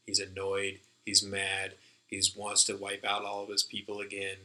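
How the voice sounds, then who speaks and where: A man with a low, very bright voice talks through an idea in casual conversation. He rambles and restarts, with plenty of fillers. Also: monotone, normal speed, rough recording. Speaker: podcast co-host. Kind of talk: casual discussion.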